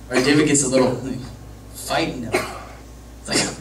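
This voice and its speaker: For a youth group, a young pastor tells a casual, rambling story filled with jokes, using a steady, mid-range voice at normal speed. The recording is distant and echoey, with a faint background hum.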